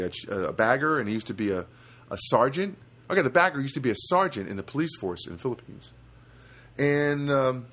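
A man's voice: medium pitch, fairly bright tone. A man from New Jersey hosting a solo podcast from a studio apartment, rambling casually with many fillers and restarts. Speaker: podcast host.

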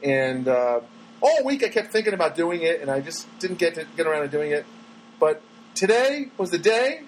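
High, lively middle-aged man rambling. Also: moderate pace, slight background noise, rough recording. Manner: rambling, self-mocking, breaks into sung snatches. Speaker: podcast host. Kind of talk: rambling solo podcast monologue.

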